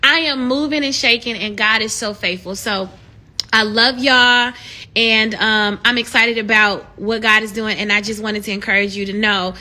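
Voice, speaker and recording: A woman talking casually on a live stream, encouraging her viewers in an animated, preachy way that swells into excited shouts. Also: fairly high pitch, normal speed.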